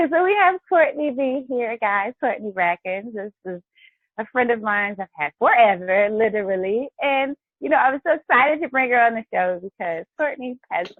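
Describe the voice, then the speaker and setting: A woman's voice: on the high side, expressive, moderate pace, no room sound, phone-quality sound. Upbeat woman hosting a wellness show. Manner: chatty and encouraging, often addresses viewers as guys. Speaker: host of a health and wellness show. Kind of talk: upbeat live-stream talk.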